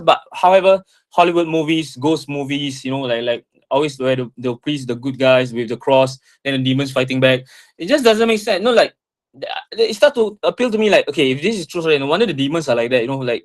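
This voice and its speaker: A tearful man in an emotional personal monologue, impassioned and profane, full of halting restarts. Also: on the high side. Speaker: speaker talking with an AI assistant.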